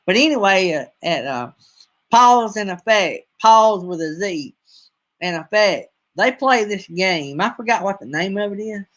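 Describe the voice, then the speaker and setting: A man's voice: high voice, expressive, moderate pace, a bit bright. A man in his fifties from North Alabama with a Southern accent, rambling folksily in a casual live-stream chat with his viewers. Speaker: livestream host.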